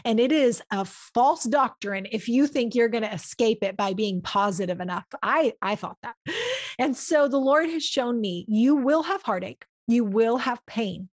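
A woman's voice: on the high side, normal speed. A woman hosting a podcast, giving an earnest, heartfelt, faith-based reflection in a conversational way. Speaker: podcast host.

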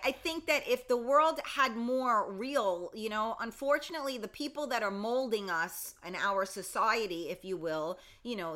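A middle-aged woman hosting a morning livestream, chatting casually and reading out viewer comments. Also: medium pitch. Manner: chatty, warm greetings to viewers, reads comments aloud. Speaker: livestream host.

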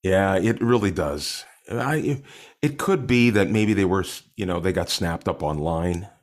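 A man's voice: sits low, unhurried. A man who is a comedian guest on a podcast, telling stories in casual conversation and acting out what others said. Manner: animated storyteller, acts out quotes.

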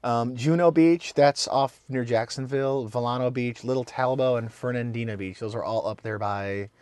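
A man from the American Midwest co-hosting a podcast in casual chat, rambling with halting restarts. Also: medium pitch, fairly even intonation, a little mellow, smooth, no room sound. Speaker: podcast co-host. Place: Florida.

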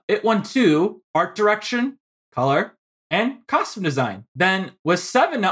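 A man's voice: fairly high pitch, fairly bright tone. Guy hosting a movie podcast, playful and chatty, laughs a lot. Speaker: podcast host. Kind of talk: casual podcast chat.

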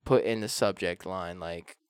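A man's voice: deep voice, steady tone, a little slow, smooth, dry recording. A young man co-hosting a podcast, easygoing and profane, saying "dude" and "man" a lot. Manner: laid-back, profane, uses "dude" and "man". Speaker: podcast co-host. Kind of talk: casual podcast banter.

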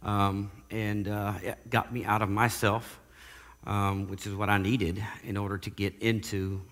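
A man giving a casual spoken testimony, halting and often repeating words as he goes. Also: lowish voice, little pitch movement, a bit bright, in a large hall. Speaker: guest sharing recovery testimony.

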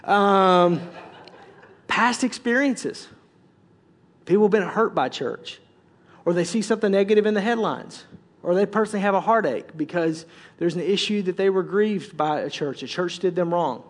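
A man with a high voice preaches a sermon in a chatty, humorous way. He stumbles and restarts often and acts out what other people might say. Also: moderate pace, a bit bright, long reverb tail. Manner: conversational, joking, with many restarts and acted quotes. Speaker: pastor.

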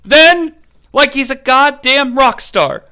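Give me a man recapping a film with crude jokes, raspy and bright. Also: high-pitched, animated, normal speed. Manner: irreverent, crude, joking. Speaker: movie reviewer. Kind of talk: comedic movie recap.

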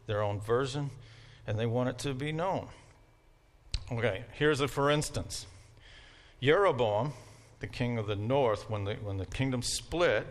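A man with a Southern American accent giving a relaxed, conversational university lecture and often checking in with his students. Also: medium pitch. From Southern United States. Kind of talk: classroom lecture.

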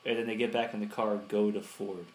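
A man in casual podcast chat retelling movie scenes in a relaxed way, with some stammering. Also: fairly low pitch, quick pace. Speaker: podcast co-host.

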